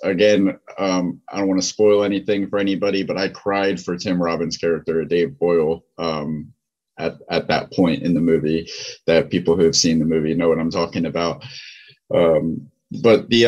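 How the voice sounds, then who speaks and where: A man's voice: low-pitched, darkish tone, rough recording. A man hosting an interview, asking the guest about his films with enthusiasm and many fillers. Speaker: podcast host. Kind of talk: casual interview questions.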